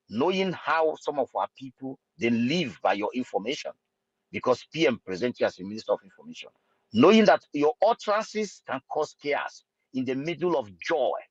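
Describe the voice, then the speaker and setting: Brief: man, mid pitch, halting delivery full of fillers, dry muffled sound. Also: no room sound. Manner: hesitant, many fillers and restarts. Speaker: speaker in an online audio space. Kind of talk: impassioned political talk.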